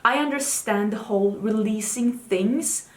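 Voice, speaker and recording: A woman's voice: unhurried, roomy sound. A woman beauty vlogger talking casually and candidly about new makeup releases. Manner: chatty, candid, talks to her cat in a high baby voice. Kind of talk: casual chat.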